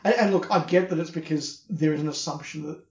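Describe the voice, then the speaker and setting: Australian man, fairly high voice, casual podcast chat, opinionated, echoey dull room recording. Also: fairly quick, creaky. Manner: chatty, opinionated, repeats words when starting. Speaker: podcast co-host. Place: hotel room.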